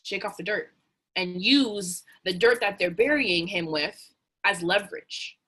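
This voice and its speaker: Woman motivational storyteller, earnest and animated, crisp bright voice with a husky edge. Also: medium pitch, a little slow.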